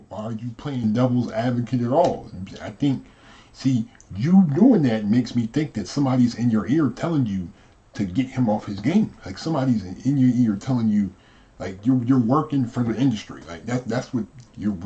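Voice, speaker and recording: A man hosting a reaction commentary, loose and conversational, who keeps throwing out rhetorical questions. His voice is mellow and dark, at an ordinary pitch for a man. The audio is dull and lo-fi. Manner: conversational, repeats himself, asks rhetorical questions. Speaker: host commentator.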